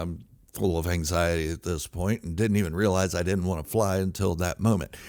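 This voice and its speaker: A man with a deep, low voice tells a true story for laughs. He exaggerates freely, jumping from loud, indignant outbursts to quiet mutters. The recording is dry, with no room sound. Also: dry recording. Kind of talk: comic true-story monologue.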